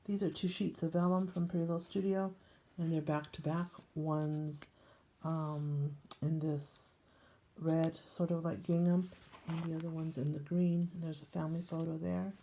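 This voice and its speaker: A woman's voice: low voice, little pitch movement, moderate pace, mellow, slight background noise. An older woman chatting casually as she shows her scrapbook pages, meandering with frequent ums. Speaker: scrapbooking vlogger. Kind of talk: casual show-and-tell narration.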